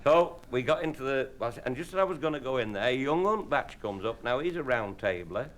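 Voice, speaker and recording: A brisk man with a medium pitch and lively intonation works through rambling, bawdy anecdotes as an after-dinner speaker, chuckling all the while. The recording is a hissy old live tape, with laughter from the audience.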